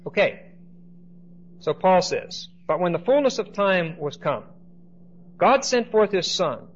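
A man's voice: high voice, sing-song, takes it slowly, long pauses. A man teaching a Bible class in lecture style, often checking in with his listeners by asking "okay?". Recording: dull lo-fi recording with faint noise.

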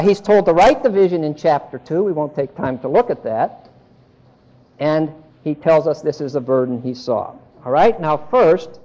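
A man teaching a Bible lesson, animated, acting out the dialogue in the text and repeating himself as he goes. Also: on the high side, dull audio.

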